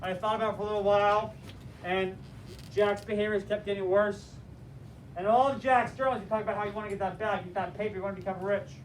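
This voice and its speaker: A man teaching a class, telling a story in an animated, direct and motivational way. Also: high-pitched, fast. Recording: distant mic with faint room noise.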